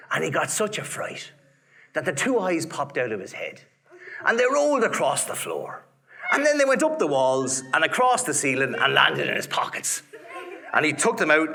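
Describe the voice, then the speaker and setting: A man with an Irish accent telling a folk tale to a live audience in a playful, theatrical way, dropping to whispers and rising to shouts. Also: medium pitch, vocal fry. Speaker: storyteller. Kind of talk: animated storytelling to a live audience.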